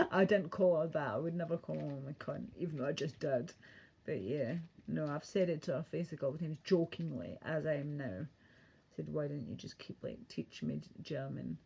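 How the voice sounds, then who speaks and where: A woman's voice: low-pitched, gravelly, darkish tone, slightly rough. A woman ranting casually and profanely on a livestream, rambling from one thought to the next. The sound is muffled, lo-fi audio. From Britain.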